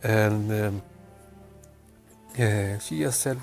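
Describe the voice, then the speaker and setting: A man from Chile telling a personal story with many pauses, fillers and restarts. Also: lowish voice, fairly even intonation, vocal fry, darkish tone, faint music behind. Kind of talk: personal story told to camera.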